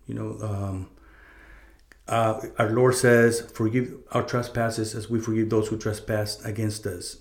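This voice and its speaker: A man's voice: fairly low pitch, a little mellow. Echoey, rambling middle-aged man. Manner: rambling, with many restarts and swearing. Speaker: podcast host. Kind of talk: casual storytelling monologue. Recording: echoey room.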